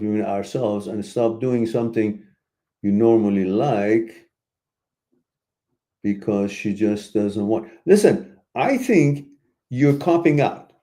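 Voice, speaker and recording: A man hosts a live Q&A stream, answering viewer questions with blunt, preachy relationship advice and emphatic outbursts. His animated, emphatic voice swings high when he exclaims, and he mixes in laughter and asides.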